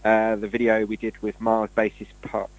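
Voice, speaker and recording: A man's voice: on the low side, completely flat delivery, normal speed, rough recording. Rambling man telling stories. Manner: loose, digressive storytelling with many restarts. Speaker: guest speaker on esoteric topics. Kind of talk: rambling conversational monologue.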